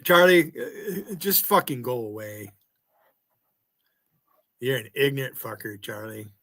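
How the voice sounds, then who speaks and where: A man's voice: mid-range voice, animated, a little slow, a bit bright, dry recording, clean studio sound. Brash, foul-mouthed male streamer. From United States. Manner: crude, confrontational, swearing. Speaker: livestream host. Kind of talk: casual livestream chat.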